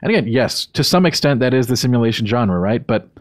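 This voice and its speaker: A man's voice: mid-range voice, lively intonation, fast, no echo. A man reviewing a video game in a casual podcast chat, emphatic and opinionated, on a close studio mic.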